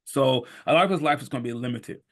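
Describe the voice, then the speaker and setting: A man in his fifties telling his life story on a podcast, animated and emphatic, sometimes rising to a shout. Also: mid-range voice, fast talker. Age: 50s. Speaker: podcast guest. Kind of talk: storytelling in conversation.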